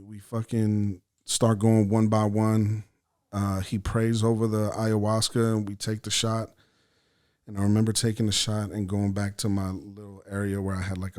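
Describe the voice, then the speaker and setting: Man, from El Salvador, podcast guest, low-pitched, cursing, animated storytelling. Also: moderate pace. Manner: profane, animated storyteller acting out his own thoughts. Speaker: podcast guest, actor and writer. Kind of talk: casual storytelling chat.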